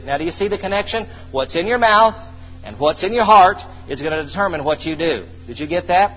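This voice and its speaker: A man preaching a sermon to a congregation, calling for responses and praising, slowing down to read scripture. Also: a little high. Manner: call-and-response, exclamations of praise. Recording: dull distant hall sound, faint noise.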